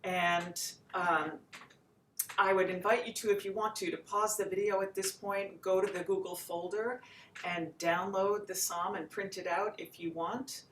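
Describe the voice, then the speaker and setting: A woman teaching a daily chant practice, speaking gently and slowly and breaking into sung chant lines to demonstrate. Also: mid-range voice, fairly even intonation, slight background noise. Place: home room with chair, screen share.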